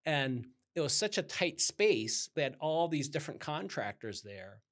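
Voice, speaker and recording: A man's voice: fairly high pitch, normal speed. A man who owns a roofing company, talking casually as a guest in an interview and acting out the customers he quotes. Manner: animated, acts out customer dialogue in quotes.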